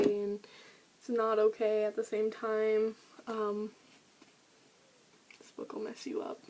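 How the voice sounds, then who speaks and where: A woman's voice: a little high, darkish tone, a little hiss or hum, low-quality recording. A teenage girl chatting eagerly about her favorite books, with lots of fillers, recorded on a camera mic. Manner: gushing, chatty, many fillers. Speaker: book vlogger. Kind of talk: casual book review vlog.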